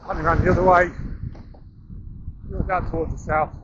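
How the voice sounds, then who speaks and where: A middle-aged running vlogger, a little out of breath, narrates his outdoor jog through town and over a bridge with dry self-deprecating humour. His voice is on the high side with little pitch movement and a slightly fast pace, and the action camera he runs with gives lo-fi sound under heavy background noise.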